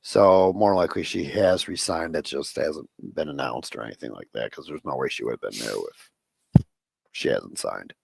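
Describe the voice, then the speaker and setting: A man's voice: rumbling low, normal speed, vocal fry, a little mellow, slightly rough, no echo. A man co-hosting a casual wrestling podcast, laid-back and steering the rundown. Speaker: podcast co-host.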